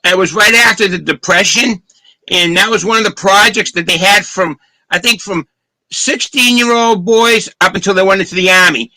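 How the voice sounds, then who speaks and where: A man hosting a casual online chat show, telling a family story with fillers and pauses over a video call. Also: high voice, sharp tone, dry recording, low-quality recording. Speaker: host. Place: home, live video chat.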